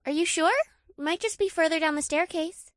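A man doing a high, blunt young woman. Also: steady tone, moderate pace, a bit bright, dry recording, studio quality. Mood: matter-of-fact.

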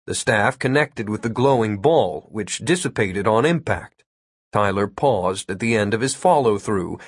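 Dry, measured male story narrator. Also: medium pitch, husky, dry recording. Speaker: audiobook narrator.

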